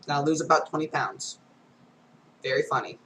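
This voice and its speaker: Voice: mid-range voice, steady tone, normal speed, fairly bright tone, slight background noise, poor audio. A reader going through comic strips aloud, reading every panel and sound effect, with casual asides.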